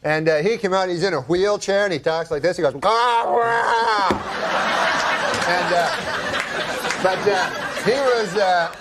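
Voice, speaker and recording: A male comedian with a fairly high voice spins a long story in a dry, deadpan way. He stalls on fillers, circles back and lets the pauses sit. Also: a loud crowd, very noisy. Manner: deadpan, halting, full of fillers and asides. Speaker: comedian, talk show guest. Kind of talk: rambling anecdotal storytelling.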